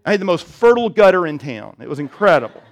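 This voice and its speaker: Speaking quickly, with a high voice and big swings in pitch, a male pastor delivers his sermon. He leans on humorous stories about himself, poking fun at his own expense, and climbs toward forceful appeals.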